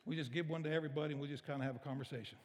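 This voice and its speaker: Emotional preacher in echoing hall. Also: male voice, on the high side, steady tone, rapid-fire. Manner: emotional, storytelling, conversational preaching. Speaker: pastor. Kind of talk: sermon. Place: church sanctuary. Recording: reverberant church hall.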